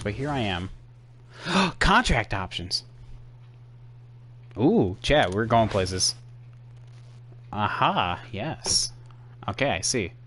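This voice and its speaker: A man's voice: medium pitch, slight background noise. A young man casually commentating his racing game stream for his chat, sarcastic and easily exasperated, rambling with fillers.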